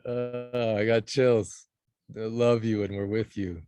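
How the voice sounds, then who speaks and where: A man hosting a group video call who responds warmly and with affirming words, repeating phrases and laughing often. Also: fairly low pitch, steady tone. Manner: affirming, repetitive, quick to laugh. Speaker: host.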